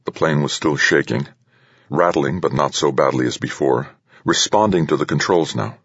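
A male audiobook narrator with an extremely deep, husky voice. He reads in a steady, dramatic way, the sound dry and a little dull. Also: normal speed, dry recording. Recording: dull, dry studio read.

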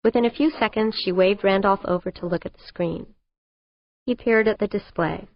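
A woman narrating an audiobook in a steady, even reading. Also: mid-range voice, normal speed, no echo. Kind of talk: scripted narration. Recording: dull lo-fi dry recording.

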